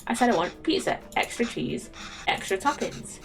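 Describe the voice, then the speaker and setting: A woman's voice: mid-range voice, very animated, normal speed, creaky. A woman voicing a stubborn young boy in a video game, whiny and insistent. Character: stubborn young boy who wants pizza.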